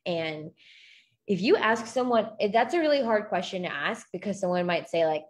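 A woman's voice: medium pitch, animated, normal speed. A young woman talking casually to a group as a law school admissions tutor, chatty and full of fillers. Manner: chatty, many fillers and quoted questions. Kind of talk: casual talk to a live group.

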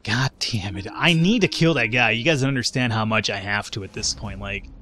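A man giving casual commentary on a strategy game, quick to get frustrated and swearing often. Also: lowish voice, lively intonation, sharp tone, soft background music. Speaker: let's play gamer.

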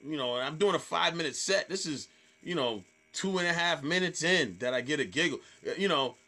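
A man in his thirties, a stand-up comedian, telling a story in a casual, animated way, often swearing and repeating words. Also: on the high side, a little fast. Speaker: stand-up comedian, podcast guest.

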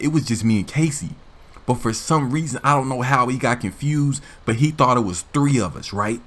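Gaming host, man, husky voice, animated laughing storyteller, casual slang. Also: mid-range voice, moderate pace.

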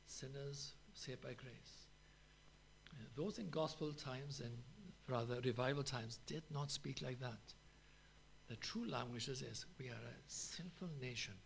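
Guy preaching in church, raspy low rumble, earnest, lots of pauses and emphasis. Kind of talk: sermon.

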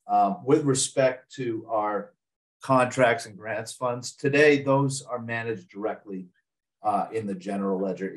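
A low-pitched man walks listeners through a finance program update. He speaks in a measured way with many small hesitations. His voice sits a little back from the microphone. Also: darkish tone, recorded from a distance, low-quality recording. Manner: measured, with frequent fillers. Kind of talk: scripted informational briefing.

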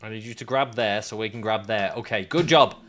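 A young man streaming a climbing game, ranting and swinging between mock calm and yelling at his character. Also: on the low side, fairly quick. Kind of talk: gaming stream commentary.

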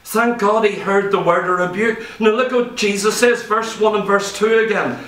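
A man's voice: high voice, steady tone, normal speed, a bit bright. A man preaching a sermon in a church, telling a Bible story with emphatic repetition. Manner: emphatic storytelling preaching, repeats key phrases. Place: church hall. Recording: roomy church sound, mic far off.

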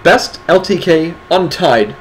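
A man's voice: on the high side, expressive, slow pace, a little hiss or hum, poor audio. A man hosting a casual livestream awards segment, talking in a wry, sarcastic, rambling way. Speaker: stream host presenting community awards.

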